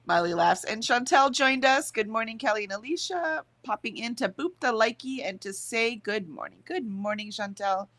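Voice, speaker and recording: A woman's voice: fairly high pitch, expressive, moderate pace, hardly any pauses, fairly bright tone, dry recording. A very tired woman co-hosting a writing livestream from home, reading chat comments aloud in casual talk and laughing often. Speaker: co-host of a writing sprint livestream.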